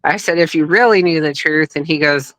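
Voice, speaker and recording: A middle-aged woman telling a story in a casual, animated way, acting out the voices of people she quotes. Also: low voice, brisk, dry recording, low-quality recording. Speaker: guest, wrestler's daughter.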